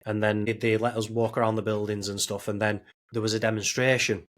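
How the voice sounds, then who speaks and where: A man's voice: lowish voice, fairly quick. A man, co-hosting a podcast, telling travel stories in casual chat, swearing freely and acting out quoted lines. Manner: animated storyteller, swears freely, acts out quotes. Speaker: podcast co-host.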